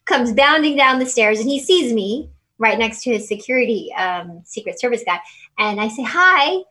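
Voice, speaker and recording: Woman telling a personal story, halting. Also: on the high side, pushed and bright, husky, low-quality recording. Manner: halting, with many fillers and restarts, emotional. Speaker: interview guest.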